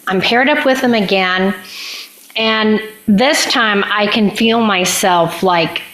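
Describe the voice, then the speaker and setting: A woman's voice: mid-range voice, takes it slowly, fairly bright tone. A woman on a group call, telling a story hesitantly with frequent fillers. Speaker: group participant. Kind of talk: casual storytelling. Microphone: video call. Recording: echoey room on a call.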